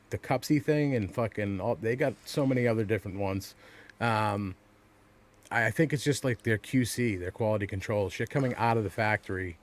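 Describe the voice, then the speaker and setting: Rambling, low-voiced podcast guy. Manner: rambling, profane, frequent stammered restarts. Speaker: podcast co-host. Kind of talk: casual chat.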